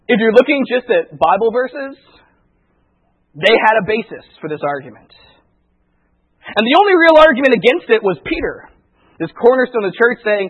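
A man's voice: very high-pitched, very animated, normal speed, pauses often, husky. A male pastor preaching a sermon in a conversational way, acting out the voices of people he quotes. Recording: tinny phone-like radio recording.

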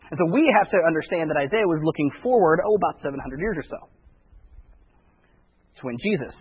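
Guy preaching casually, stumbles and repeats words, raspy voice, tinny radio sound. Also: high-pitched. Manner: conversational, repeats words while thinking. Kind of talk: sermon. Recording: tinny phone-like radio broadcast.

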